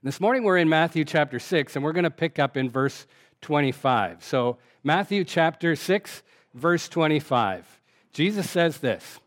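An older man leads a Bible study sermon in a loose, chatty teaching style. His voice sits a little high for a man, and he pads his points with ums and uhs as he reads scripture aloud. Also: a little slow. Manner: relaxed conversational teaching with frequent fillers. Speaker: pastor.

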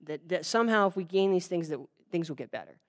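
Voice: mid-range voice, animated, quick pace. A preacher giving a sermon in a conversational way, telling a folk tale and addressing the audience directly, with frequent restarts and fillers. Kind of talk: sermon with storytelling.

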